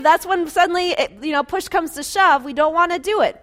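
A woman's voice: sits high, expressive, fairly quick, fairly bright tone. A woman preaching a sermon in a conversational way, asking listeners rhetorical questions and laughing lightly between phrases.

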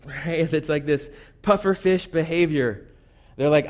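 High-voiced male preacher, chatty sermon. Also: measured pace. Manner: animated, acts out quotes in shifting voices; loose and chatty, with fillers like "like" and "basically". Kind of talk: conversational sermon.

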